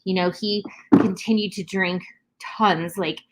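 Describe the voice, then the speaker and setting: A woman's voice: mid-range voice, fairly even intonation, measured pace. A woman co-hosting a podcast, talking bluntly and heatedly in casual chat, swearing freely. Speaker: podcast co-host.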